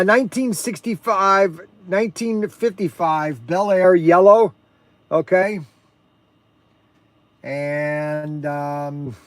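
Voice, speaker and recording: An energetic man hosts a casual livestream about his shop's products. His voice sits high, and he rambles with frequent fillers and self-corrections. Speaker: host and shop owner.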